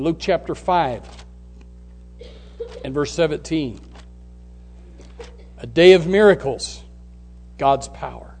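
A man preaching as a pastor, swinging from loud, rising calls down to near-whispers. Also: fairly high pitch. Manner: preaching with sudden loud rises and hushed drops. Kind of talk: sermon.

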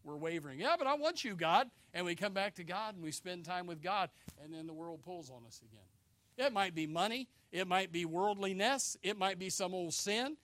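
An older man preaching a sermon as pastor, folksy and joking, swinging between loud emphasis and hushed asides. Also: sits high, moderate pace, dry recording.

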